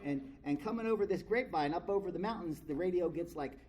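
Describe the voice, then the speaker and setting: This middle-aged man from California talks fast in a high voice, and the recording is very noisy. Speaking at a recovery meeting in a convention meeting room, he shares his story candidly with a live audience, bluntly and with plenty of profanity.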